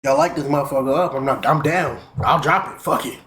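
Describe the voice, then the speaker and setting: A young man streaming, casually telling a profane, animated story. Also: mid-range voice, fairly quick. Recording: roomy with faint noise.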